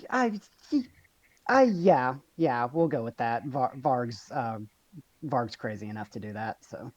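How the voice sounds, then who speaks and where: A man's voice: mid-range voice, lively intonation, slow, dry recording, lo-fi sound. A man playing in an online tabletop game, hesitant and self-conscious, often restarting his sentences. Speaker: player. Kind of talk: casual tabletop game chat.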